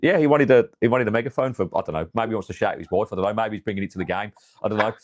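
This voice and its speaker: Rapid-fire and on the low side, an English man chats on a podcast about his football club. He rambles, restarting often and leaning on fillers.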